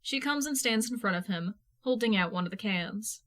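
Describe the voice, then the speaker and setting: A woman reading fan fiction aloud in a casual, lively manner, swearing freely. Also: medium pitch, moderate pace. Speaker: podfic reader. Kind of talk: fan fiction audiobook narration.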